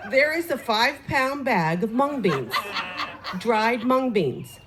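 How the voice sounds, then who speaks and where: Casting: woman putting on a hearty New York guy, high and loud, booming neighborly greetings. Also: big pitch swings, takes it slowly, slight background noise, full character voice. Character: brash older New York man, generous neighbor.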